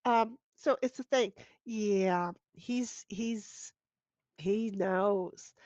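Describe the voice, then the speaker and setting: A woman's voice: medium pitch, very slow, darkish tone, no room sound, muffled recording. A middle-aged woman hosting a casual livestream from home, reading chat aloud and rambling in a frank, salty way with many restarts. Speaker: streamer host. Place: at home with her dogs. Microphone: computer mic at a desk.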